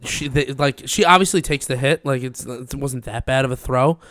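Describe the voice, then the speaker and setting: A man's voice: medium pitch, normal speed, a bit bright, no room sound. A young man chatting casually as a podcast host, rambling and swearing with lots of fillers. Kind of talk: casual chat.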